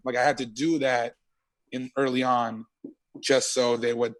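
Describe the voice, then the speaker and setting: A man, a stand-up comedian, telling stories in an animated, slangy and profane way as an interview guest. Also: medium pitch, fairly quick. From Canada. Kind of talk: casual interview chat.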